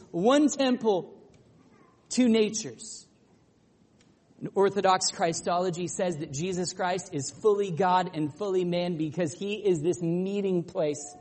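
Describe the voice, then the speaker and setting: A man with a high voice preaches with fervor. His delivery climbs to loud, emphatic declarations, then sinks to a low, quiet intensity. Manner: impassioned preaching, rising to loud peaks then dropping low. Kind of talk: sermon.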